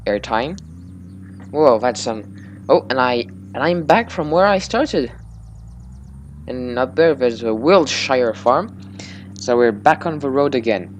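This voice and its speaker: A man's voice: mid-range voice, animated, takes it slowly, long pauses, a little hiss or hum. Sleepy, rambling man. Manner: rambling small talk, slurred words. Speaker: gaming let's-play host. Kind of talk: casual gameplay commentary.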